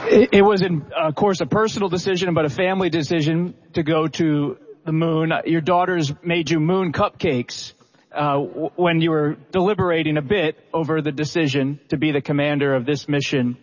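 Male questioner, slightly higher voice, earnest and halting, long hall echo, dull sound. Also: steady tone. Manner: heartfelt, halting. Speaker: press conference questioner. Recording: dull recording in a reverberant hall.

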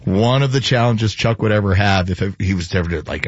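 A man's voice: fairly low pitch, fast, muffled recording, a little hiss or hum. A man co-hosting a radio show, chatting casually, telling stories and teasing his partner. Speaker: radio co-host.

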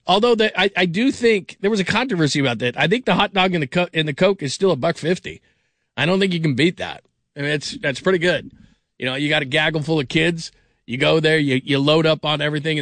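A middle-aged man hosts a late-night sports call-in show, rambling loosely and laughing between thoughts. His voice sits a bit high for a man, and the sound is close and dry. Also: a bit bright, dry recording. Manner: rambling, laughs often, stumbles and restarts. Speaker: sports radio host.

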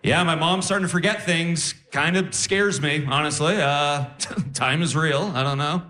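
A young man performing a stand-up set on stage, animated and laughing as he acts out voices. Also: a little high, moderate pace. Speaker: stand-up comedian. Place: comedy stage before a live audience.

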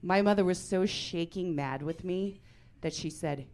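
Woman doing deadpan stand-up, lower voice. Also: normal speed, a little hiss or hum. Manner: deadpan with sudden loud punchlines. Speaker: stand-up comedian. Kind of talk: stand-up comedy set. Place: comedy club stage with audience.

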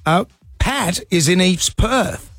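An Australian man hosting drive-time radio, bantering quickly and jokily with his co-host in the studio. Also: sits high, lively intonation, very noisy. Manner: jokey, quick back-and-forth.

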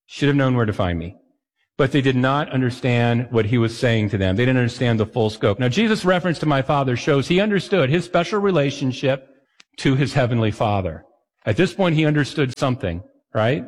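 A male pastor with a medium-pitched, very animated voice preaches fairly quickly in a hall with long reverb. His sermon is conversational, and he often puts questions to his listeners.

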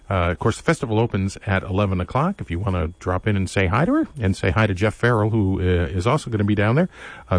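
A male public radio host reading station announcements and chatting in a relaxed, halting way with many fillers, from a studio. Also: on the low side, no echo. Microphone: studio microphone.

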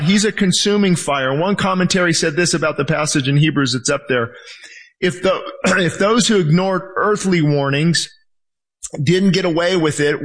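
A man with a high, light voice preaches a sermon in a church. He delivers it with passion, slowing hard on key lines and acting out the voices of the people in his stories. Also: fairly bright tone. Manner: impassioned preaching, acts out voices and slows for emphasis. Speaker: pastor. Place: church sanctuary with screen.

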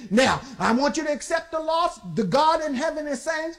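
A high-voiced, middle-aged woman preaching a fervent sermon. She calls out to the congregation, pushes for answers and rises into shouts at her strongest points. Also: animated, moderate pace, hardly any pauses. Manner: call-and-response preaching, rising to shouts.

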